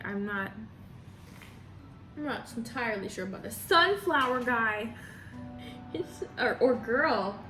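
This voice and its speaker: Woman vlogger, slightly high voice, giggly, hesitant, soft music underneath. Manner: giggly, laughs often, trails off and hesitates. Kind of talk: casual reaction commentary.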